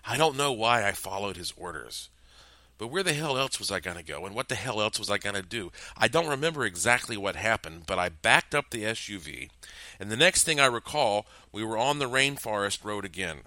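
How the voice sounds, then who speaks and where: A man narrating a first-person story in a lively, tense storytelling manner. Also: lowish voice, brisk, no echo.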